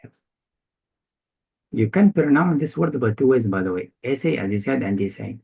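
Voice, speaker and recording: A man's voice: mid-range voice, lively intonation, moderate pace, vocal fry, warm tone, husky, rough recording. A male tutor giving a one-on-one grammar lesson, quizzing his student with short repeated questions. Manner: quizzing, repetitive questions, non-native phrasing. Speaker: English test tutor.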